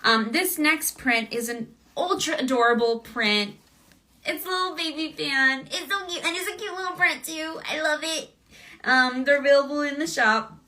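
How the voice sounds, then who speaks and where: A woman's voice: sits high, normal speed, sharp tone. A woman voice actress chatting casually with fans during a livestream autograph session, bubbly and gushing, and laughing often.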